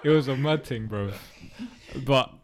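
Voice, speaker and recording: A man's voice: mid-range voice, unhurried, heavy background noise. A young man chatting casually with friends, slangy and laid-back. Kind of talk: casual chat among friends.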